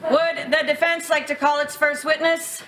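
A woman playing a formal judge presiding over a TV sketch courtroom, her voice slightly high. The clip sounds echoey and noisy. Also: little pitch movement, normal speed, far from the mic, close to an everyday voice. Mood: formal ruling.

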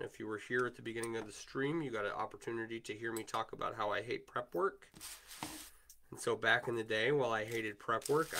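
A man's voice: mid-range voice, fairly bright tone, a little hiss or hum. A man with a Wisconsin accent hosting a livestream, chatting casually and rambling while he works on chainmail and answers viewer comments. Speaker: livestream host, chainmail maker.

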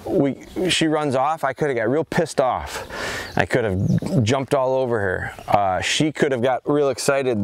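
A middle-aged man, a dog trainer, talking through an outdoor training session in a calm, plain-spoken way, recorded outside on a camera mic. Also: mid-range voice, a little hiss or hum. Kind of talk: casual instructional vlog. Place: outdoors in a yard.

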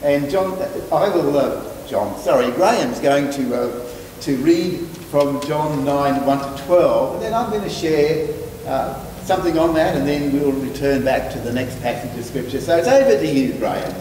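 An Australian man preaching a sermon as minister, measured and stumbling over his words now and then. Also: fairly high pitch, expressive, a little mellow, slight background noise. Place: church hall. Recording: echoey church hall from far off.

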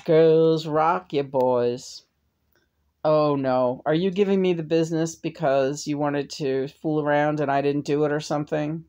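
A woman's voice: sits low, steady tone, dark tone. Woman channeling a crude rambling male spirit. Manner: slow, rambling, hesitant, crude jokes. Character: spirit of a dead man, rambling, crude, teasing.

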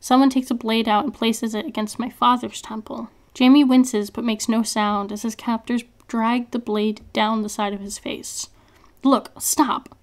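A woman author reading her own novel aloud in an expressive first-person narration. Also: fairly high pitch, normal speed, hardly any pauses.

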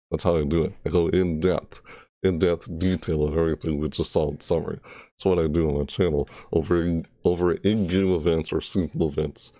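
A man who makes gaming videos riffs on a game trailer in a loose, rambling way, catching and correcting himself and shrieking out character voices. He has a rumbling low, warm voice, recorded dry and clean in a studio.

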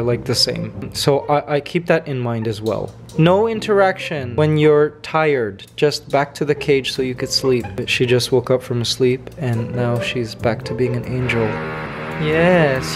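A man vlogging at home, talking to his pet parrot in coaxing, sing-song baby talk between calm explanations. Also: a little high.

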